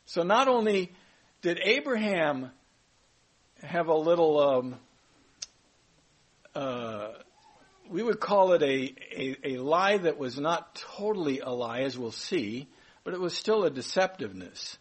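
A man's voice: a little high, sing-song, takes it slowly, pauses often, husky. A man giving a conversational Bible teaching, chatty and informal, correcting himself aloud as he goes.

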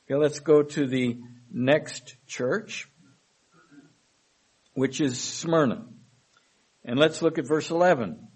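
A man preaching a sermon. He reads scripture verses aloud with emphasis and then explains them in a measured way. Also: fairly high pitch, darkish tone, slightly rough, low-quality recording. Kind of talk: sermon, Bible study reading.

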